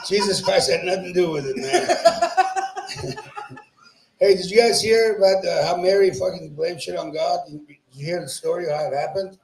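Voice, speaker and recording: His voice sits high and is expressive, creaky and darkish, at normal speed. In a small comedy club's echoey room, this open-mic comedian delivers crude, profane stand-up, teasing people in the crowd and laughing at his own jokes.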